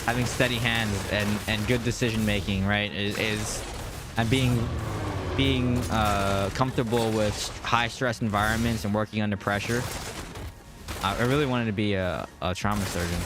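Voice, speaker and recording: A man's voice: fairly low pitch, steady tone, moderate pace, over music. A man in his thirties with a Mid-Atlantic American accent, casually rambling on a live game stream and answering viewer chat. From US Mid-Atlantic region.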